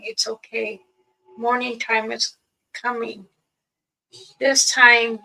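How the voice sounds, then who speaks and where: A woman storyteller with a gravelly, fairly high voice and a bright tone. She speaks very slowly, in short halting phrases with long pauses. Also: a little hiss or hum, poor audio. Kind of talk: slow first-person spoken storytelling.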